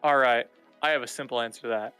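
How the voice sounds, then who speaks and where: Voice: medium pitch, steady tone, fast, fairly bright tone, clean tone, no room sound, faint music behind. A podcast guest in casual chat, full of playful, teasing banter.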